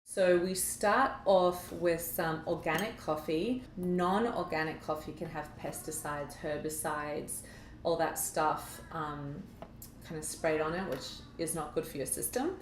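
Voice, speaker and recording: A woman's voice: sits low, a little slow. A woman co-hosting a casual chat, talking animatedly and acting out quoted dialogue. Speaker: co-host. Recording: echoey room, faint background noise.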